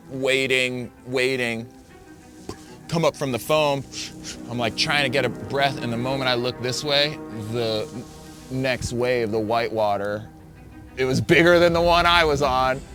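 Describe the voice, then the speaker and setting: A man telling the story of a surfing wipeout in a casual, halting way, full of fillers and quoted thoughts. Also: lowish voice. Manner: vivid, halting retelling with many fillers and self-quotes. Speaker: surfer recounting a wipeout.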